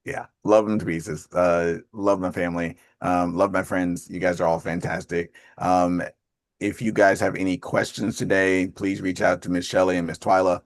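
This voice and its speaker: A man's voice: deep voice, flat delivery, moderate pace, no room sound, studio quality. A man in his fifties hosting a group call, chatting casually in a rambling way and laughing often. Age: 50s. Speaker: host of an accountability call.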